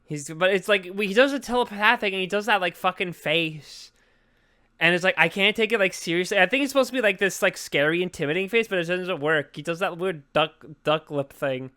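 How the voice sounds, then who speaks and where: High, clear-voiced joking young man. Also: fairly quick, pushed and bright. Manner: profane, rambling, joking. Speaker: podcast co-host. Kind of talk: casual movie review chat.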